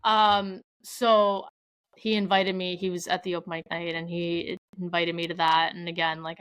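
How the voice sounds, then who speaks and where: A young Canadian woman guesting on a podcast tells rambling, casual stories packed with "like" and quoted asides. Her lowish voice is a bit bright and clean, recorded dry but in low quality.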